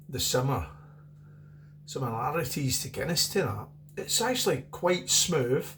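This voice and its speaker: Middle-aged Scottish man, chatty home beer reviewer, mid-pitched, wanders off on tangents. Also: slight background noise. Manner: rambling, chatty, repeats himself. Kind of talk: casual beer review vlog.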